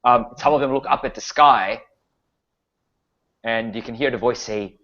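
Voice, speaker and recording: A man's voice: mid-range voice, normal speed, long pauses, fairly bright tone. A man narrating a tabletop horror game as game master, loose and filler-heavy, on a slightly dull lo-fi recording.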